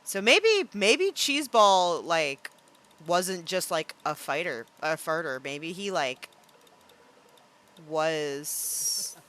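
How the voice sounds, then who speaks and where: A young woman with a slightly low-pitched voice chats her way through a game stream. She is casual and playful, drifting between thoughts with loose fillers. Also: big pitch swings, extremely slow, fairly bright tone. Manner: chatty and playful, thinks aloud with fillers.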